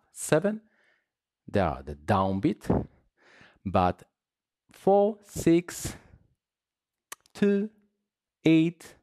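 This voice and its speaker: A man teaching salsa rhythm, counting beats and scatting the patterns aloud in halting English. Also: fairly high pitch, no room sound, clean studio sound. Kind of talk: dance lesson explaining rhythm.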